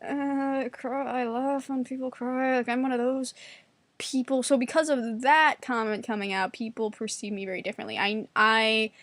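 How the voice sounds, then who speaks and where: Fast-talking sarcastic young woman. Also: fairly even intonation, fairly bright tone, no echo. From New York. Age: 20s. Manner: acts out quotes in a higher voice. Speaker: vlogger. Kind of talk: casual monologue to camera.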